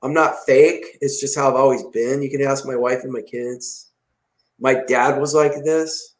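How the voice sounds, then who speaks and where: Animated man telling shop stories, roomy. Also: medium pitch, unhurried. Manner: animated, acts out dialogue in story. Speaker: detailing shop owner, guest. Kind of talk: casual podcast storytelling. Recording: roomy echo.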